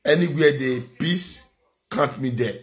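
A man's voice: medium pitch, a little slow. A middle-aged man with a Nigerian accent, giving a preachy, scolding monologue as a social media commentator. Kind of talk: impassioned monologue.

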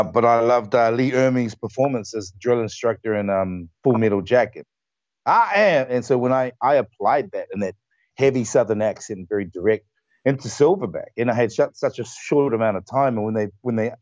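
A male actor chatting as a guest on a live stream, telling his stories in an animated, emphatic way. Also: medium pitch, normal speed, no room sound, muffled recording. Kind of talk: casual interview chat.

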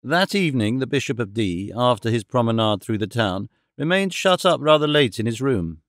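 A man reading a classic novel aloud as an audiobook narrator, in a measured, formal storytelling manner. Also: medium pitch, expressive, dry recording, clean studio sound. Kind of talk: scripted narration.

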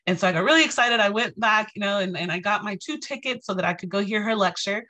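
A woman in her thirties giving a lecture as a guest speaker, telling a story in an animated, conversational way and tagging her points with "right?". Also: medium pitch, fast.

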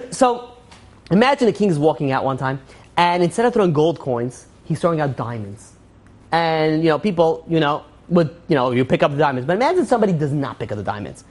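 Fast-talking rabbi telling parables. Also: male voice, fairly high pitch, sing-song. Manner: rambling storyteller, many fillers, acts out quotes. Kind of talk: informal Torah class.

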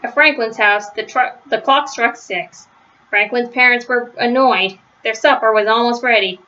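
A woman reading a children's story aloud, gentle, with small slips and restarts, on a slightly lo-fi recording. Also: on the high side, normal speed. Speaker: storybook reader.

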